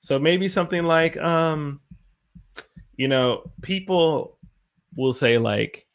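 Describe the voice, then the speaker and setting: Young American male teacher, casual live-stream chat, slightly gravelly voice, animated. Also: medium pitch, slow pace. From United States. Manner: chatty, animated, greets viewers by name.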